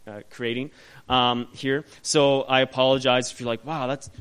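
A man teaching a Bible passage to a group in a casual, animated way, asking rhetorical questions and often restarting his sentences. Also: mid-range voice, moderate pace, clean tone.

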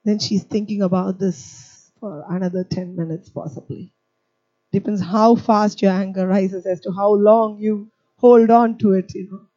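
A woman's voice: medium pitch, normal speed, no echo, dull audio. A woman preaching a sermon, telling stories with humour and acting out scenes. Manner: animated, humorous storytelling, acting out scenes.

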